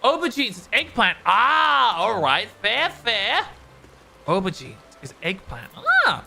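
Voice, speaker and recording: A man's voice: sits high, big pitch swings, takes it slowly, gravelly, sharp tone. Giggly Australian man with a bouncy voice. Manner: giggly, chatty, rambling. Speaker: streamer. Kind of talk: casual gaming commentary. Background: game music.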